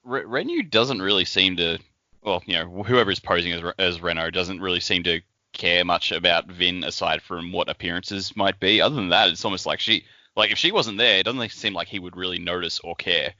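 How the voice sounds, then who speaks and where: Co-host, male, low and sharp-edged voice, rambling, swears casually. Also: fairly quick, dry recording, lo-fi sound. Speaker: podcast co-host. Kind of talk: casual book discussion.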